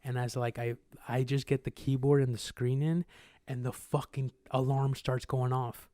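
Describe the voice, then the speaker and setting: A young man spins a casual story in loose slang, cursing freely and acting out sounds and voices with animation. His middle-pitched voice moves at a moderate pace, and the dry, close sound suggests a podcast microphone.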